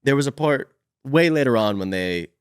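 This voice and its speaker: Animated man with a sick voice. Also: mid-range voice, moderate pace, smooth, dry recording, clean studio sound. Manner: animated, acts out quotes from the book. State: sick, sucking a cough drop. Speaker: podcast co-host. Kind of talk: casual book chat.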